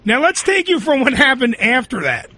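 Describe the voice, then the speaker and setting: A man hosts a crude comedy talk show with a very high, bright voice. He tells his stories in a loose, rambling, raunchy way. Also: big pitch swings, normal speed, slight background noise. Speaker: radio show host.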